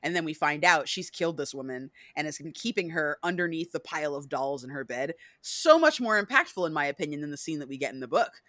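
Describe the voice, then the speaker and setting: A woman's voice: deep voice, lively intonation, fast, few pauses, a bit bright, dry recording, studio quality. A woman hosting a podcast, chatting casually and animatedly, swearing freely and acting out movie lines. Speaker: podcast host.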